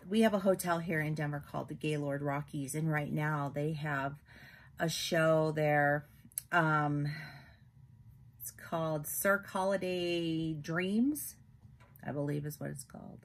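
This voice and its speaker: A middle-aged woman hosting a craft vlog, chatting casually and gushing, with lots of ums. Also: deep voice. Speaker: craft channel host.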